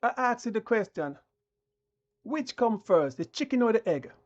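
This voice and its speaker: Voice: mid-range voice, sing-song, normal speed, muffled recording. A channel host delivering a combative, preachy live-stream rant that talks down to the viewers.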